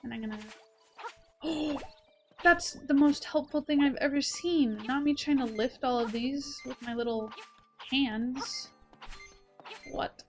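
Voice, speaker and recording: A woman's voice: sits high, takes it slowly, long pauses, music in the background. A woman hosting a let's play, chatting playfully and reading game text aloud. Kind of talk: casual gameplay commentary.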